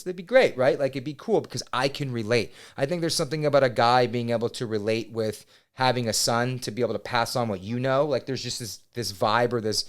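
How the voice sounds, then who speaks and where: Smooth-voiced man telling a story. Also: medium pitch. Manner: animated, swears, quotes himself loudly. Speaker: podcast guest. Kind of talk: casual storytelling. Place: podcast studio.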